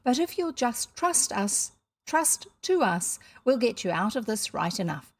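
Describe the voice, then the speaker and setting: A woman's voice: a little high, big pitch swings, unhurried, exaggerated voice. Woman voicing Cyril, a stern young boy. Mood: earnest, stern. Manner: stern and earnest.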